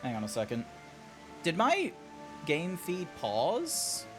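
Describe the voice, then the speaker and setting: A young man streaming a game, chatting casually and jokily, often breaking into excited shouts. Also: on the high side. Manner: excitable, jokey, quick bursts of shouting. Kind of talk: casual livestream chat. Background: faint background music.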